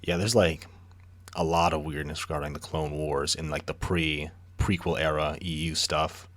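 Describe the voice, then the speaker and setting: Low-pitched male podcast co-host, relaxed and profane, recaps plot conversationally. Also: moderate pace. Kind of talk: casual book discussion chat.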